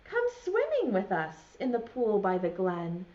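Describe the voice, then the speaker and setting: A woman voicing a big, gentle, curious bear in a children's story, calling out eager questions. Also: mid-range voice, wildly swooping pitch, measured pace, lo-fi sound. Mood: welcoming. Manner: eager questioning, repeated calls.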